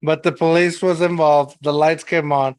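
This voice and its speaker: A man hosting a podcast interview, relaxed and encouraging toward his guests. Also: on the high side, moderate pace, clear, resonant tone, dry recording. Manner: relaxed, encouraging, laughs along. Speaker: podcast host. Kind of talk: casual interview.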